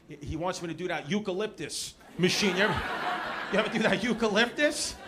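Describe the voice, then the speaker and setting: Loud high-voiced comedian from Queens. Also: fast talker, noisy background. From Queens, New York. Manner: loud, animated crowd work with shouted punchlines. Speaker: stand-up comedian. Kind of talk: stand-up comedy set. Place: comedy club stage. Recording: live club crowd laughing.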